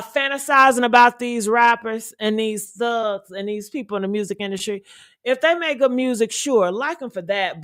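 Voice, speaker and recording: A woman's voice: on the high side, fairly bright tone. Profane ranting woman gossip host. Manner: blunt, profane, heated ranting. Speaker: commentary podcast host. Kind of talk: casual celebrity gossip commentary.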